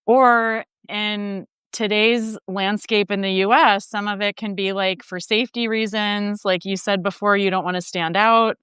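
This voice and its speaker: Smooth-voiced woman hosting a chat. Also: medium pitch, steady tone, a little slow, few pauses, a bit bright, no echo, studio quality. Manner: engaged, frequent affirmations and questions. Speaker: host. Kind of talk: casual interview.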